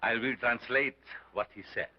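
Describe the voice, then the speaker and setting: An actor playing a sinister carnival scientist with a strange foreign accent, declaiming grandly in a 1930s film. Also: male voice, medium pitch, normal speed, background noise, lightly acted. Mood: grandiose. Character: sinister showman scientist, older man, theatrical. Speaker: carnival lecturer. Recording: dull lo-fi 1930s film sound.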